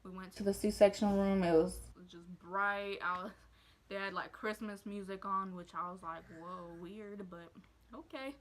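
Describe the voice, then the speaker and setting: A woman's voice: mid-range voice, steady tone, a little slow, rough recording. Emotional young woman telling a story. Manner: emotional, rambling with many fillers. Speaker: vlogger telling her birth story. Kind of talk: casual story time.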